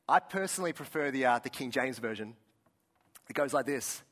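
A young man preaching a sermon in a conversational, storytelling way, often restarting his sentences and dropping to a soft voice for emphasis. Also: medium pitch, animated, brisk. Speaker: pastor.

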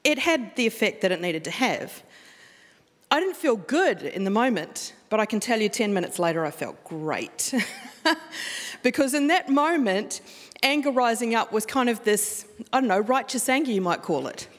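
A woman's voice: on the high side, big pitch swings, moderate pace. A middle-aged woman with a New Zealand accent, preaching a sermon in a conversational, storytelling way. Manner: conversational, storytelling with laughs and restarts. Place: church hall. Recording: long hall reverb.

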